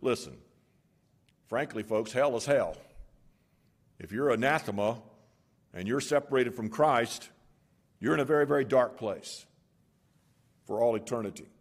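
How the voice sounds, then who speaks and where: A man's voice: mid-range voice, unhurried, long pauses. Emphatic male pastor preaching. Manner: emphatic preaching with wide swings between loud and hushed; explains Greek words. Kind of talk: expository sermon. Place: church.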